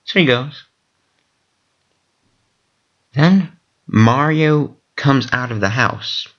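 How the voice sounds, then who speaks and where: A man telling a rambling story in casual vlog style, excitable and profane, with lots of fillers. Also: mid-range voice, takes it slowly, muffled recording. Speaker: vlogger recounting dreams.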